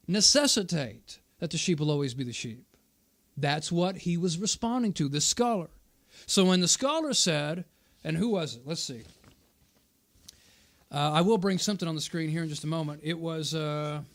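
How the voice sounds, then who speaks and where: A man hosting his own channel, reviewing a debate in casual commentary, arguing at length and answering viewer comments as he goes. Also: sits high. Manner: argumentative, explains at length, repeats points for emphasis.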